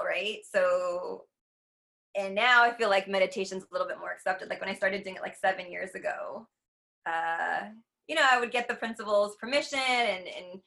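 A woman who teaches breathwork and meditation, talking in a casual conversation. Her voice is bright and forward, at an ordinary pitch for a woman. She rambles earnestly, with many likes and restarts.

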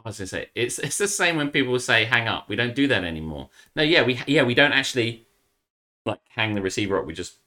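A man's voice: mid-range voice, sing-song, fast talker, sharp tone. A man co-hosting a podcast in casual chat, swearing freely and slipping into mocking voices. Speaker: podcast co-host.

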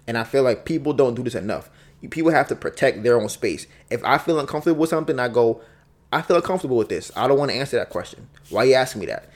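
Speaking quickly with lively intonation and a medium pitch, this male podcast host works through his thoughts alone. It's a relaxed, reflective monologue in which he circles back to the same points and voices both sides of a debate.

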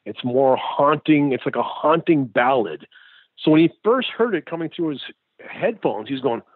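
Excited musician on a phone line. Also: male voice, on the high side, moderate pace, no room sound. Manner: enthusiastic, grateful, says "man" a lot. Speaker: musician guest. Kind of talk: casual interview chat. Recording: tinny phone line, dry.

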